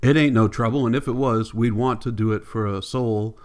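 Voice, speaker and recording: A man's voice: medium pitch, steady tone, fairly quick, a little mellow, close to an everyday voice. A man reading the part of a zealous, pushy holiness woman in an audiobook, fervent and preachy.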